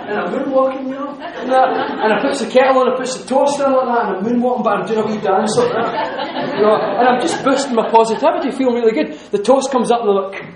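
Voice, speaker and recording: A man telling a lively story to an audience, laughing often and restarting his sentences. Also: very high voice, fast, few pauses, crowd noise. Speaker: speaker giving a talk. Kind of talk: lively anecdotal talk to an audience. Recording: echoey hall.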